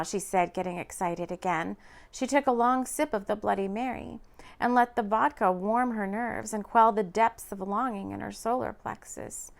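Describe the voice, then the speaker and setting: A woman narrating a romance audiobook in an expressive, lively reading. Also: medium pitch, normal speed, vocal fry.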